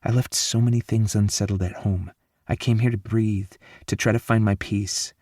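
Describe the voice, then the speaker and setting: A man's voice: on the low side, fairly even intonation, moderate pace, a little mellow, no echo, clean studio sound, lightly acted. A man reading an audiobook, voicing a young woman who is hurt and angry with her lover, in a raised, emotional voice. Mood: pleading.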